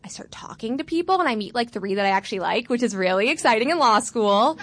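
A young woman from Florida in her twenties shares a personal story live. She talks candidly and with dry self-mockery, her voice pitched slightly high. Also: lively intonation, quick pace, fairly bright tone. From Florida, USA. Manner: candid, wry, self-mocking.

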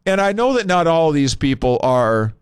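A male talk radio host speaks loosely into a studio microphone, thinking aloud with scattered fillers. His voice is smooth and resonant, and it sits close and dry with no room sound. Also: a little high, sing-song, no room sound. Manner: conversational and unscripted, pausing with fillers.

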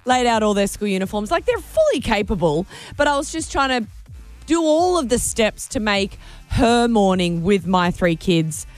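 An Australian woman in her thirties chatting on a show, her voice lively and full of ups and downs. She laughs easily and tells stories with energy. Faint music plays underneath. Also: mid-range voice, moderate pace, no echo. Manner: chatty, laughs often, animated storytelling. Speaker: radio co-host. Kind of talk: casual chat.

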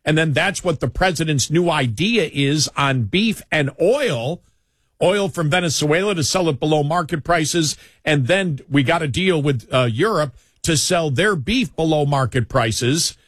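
A man's voice: fairly high pitch, expressive, unhurried, a bit bright, slightly rough, no echo, clean studio sound. A man co-hosting a political talk show, speaking indignantly and repeating himself as he builds his points. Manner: indignant, repetitive, rambling restarts. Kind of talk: political talk radio commentary.

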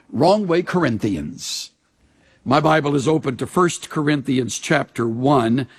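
An older man preaching a radio sermon, reading scripture slowly and hushed, then telling stories with lively swings. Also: high voice. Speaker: pastor.

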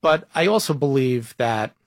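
50s guy answering interview questions, kinda husky, dead dry sound, thinks out loud and restarts bits. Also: mid-range voice, lively intonation, normal speed, no room sound. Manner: thoughtful, self-deprecating, restarts phrases. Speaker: guest executive.

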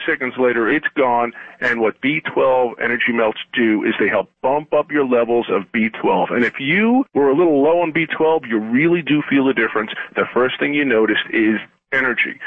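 A man in his fifties talks up supplements as the doctor on a radio infomercial, eager and persuasive. His voice is husky, with a dry close sound. The audio is thin and phone-like, as from an old radio broadcast. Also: no room sound. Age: 50s. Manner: enthusiastic, persuasive sales pitch.

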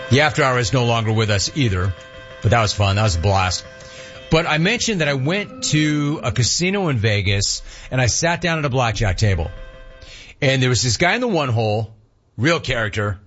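Hosting a sports radio show, a man tells a casual story as an animated storyteller, acting out the voices in his anecdote. His medium-pitched voice is husky, and the recording sounds muffled.

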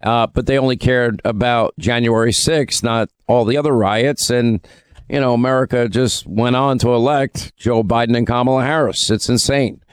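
A male talk radio host with a smooth, resonant voice, recorded close and dry in a studio. He talks emphatically and with strong opinions, with frequent fillers. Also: mid-range voice, steady tone, moderate pace, dry recording.

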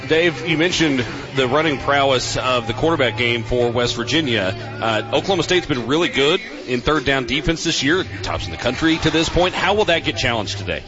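A man hosting a radio football pregame show from a sports grill, with a brisk, upbeat announcer delivery. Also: mid-range voice, expressive, over music. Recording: dull radio broadcast with faint noise.

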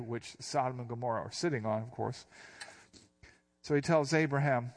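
A middle-aged or older pastor teaches verse by verse in an easygoing, talk-it-through manner, dropping in casual asides. He slows down and reads scripture passages deliberately. His voice sits at an ordinary male pitch. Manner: conversational, with asides and slow, deliberate scripture reading. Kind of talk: expository Bible teaching.

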